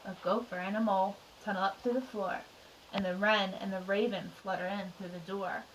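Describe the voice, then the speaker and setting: A woman teacher reading a picture book aloud to young children, expressive and chatty with little asides. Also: mid-range voice, brisk, slight background noise. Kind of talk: children's storytime read-aloud. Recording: distant mic.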